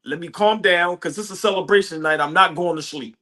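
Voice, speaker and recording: A man co-hosting a sports podcast, celebrating a win with boastful, animated talk and frequent laughter. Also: high voice, fast. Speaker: podcast co-host. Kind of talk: excited post-game sports talk.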